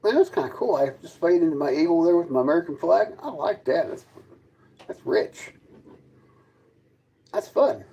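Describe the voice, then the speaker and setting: Inside his fifth-wheel trailer, a man hosts a casual stream, combatively and sarcastically mocking his chat and arguing with viewers. His warm, breathy voice sits on the high side with lively intonation, a moderate pace, and frequent pauses, captured on a rough recording.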